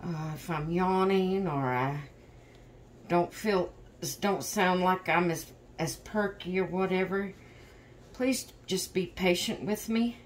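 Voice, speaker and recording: A woman's voice: on the low side, slow, slight background noise. A woman hosting a doll vlog in casual chat, tired and yawning, rambling openly about her stress. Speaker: reborn doll channel host.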